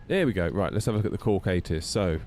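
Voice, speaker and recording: A man chatting casually on a live stream, rambling and jumping up in pitch when exasperated. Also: fast, a little mellow, soft background music. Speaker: flight sim streamer.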